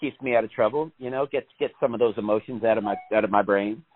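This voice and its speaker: A man's voice: fairly low pitch, fast talker. A man chatting casually as a podcast co-host, rambling, swearing and laughing often. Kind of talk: casual chat. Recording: tinny phone-like line.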